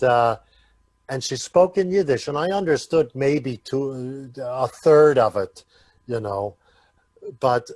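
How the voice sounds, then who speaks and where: Man, American, relaxed storytelling, halting with pauses, mid pitch, dry close sound. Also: no room sound. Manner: unhurried, full of "uh" pauses. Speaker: guest, Yiddish actor.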